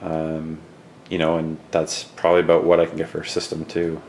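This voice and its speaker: A man with a very deep, low voice talks casually and quietly, showing off his finds in a relaxed, rambling way. A faint hiss sits behind him. He holds his voice down because others are asleep at home. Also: a little fast. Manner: relaxed, rambling, many fillers; keeping his voice down. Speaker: video game collector vlogger. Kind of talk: casual show-and-tell vlog. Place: home at night.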